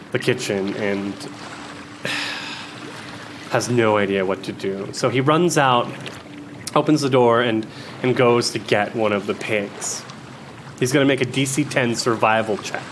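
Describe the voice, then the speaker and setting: Game master, male, unhurried and rambling, restarts often. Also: on the low side, noisy background. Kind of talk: narrating a solo tabletop game.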